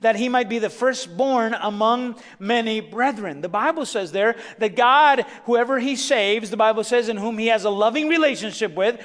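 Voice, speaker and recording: A high-pitched male preacher delivering a sermon, with a quiet, soft telling of a story that gives way to emphatic, rising preaching. The sound carries a long reverb from a large hall. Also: normal speed, few pauses.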